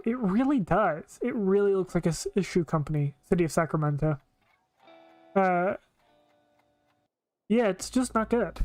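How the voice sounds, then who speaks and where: A woman's voice: on the low side, darkish tone, dry recording. A woman streaming live, giving blunt, opinionated casual commentary with frequent filler words.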